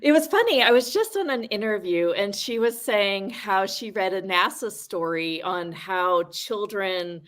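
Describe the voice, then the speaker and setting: A woman's voice: mid-range voice, animated, measured pace, hardly any pauses, fairly bright tone. A woman hosting a talk show, chatting casually and thinking aloud with many fillers. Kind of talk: casual chat.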